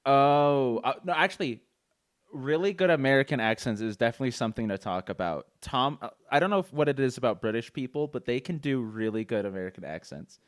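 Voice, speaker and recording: A man's voice: mid-range voice, animated, fairly quick, smooth, no room sound, clean studio sound. Rambling young man on a casual podcast. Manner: rambling, stammering restarts. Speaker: podcast host. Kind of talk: casual chat.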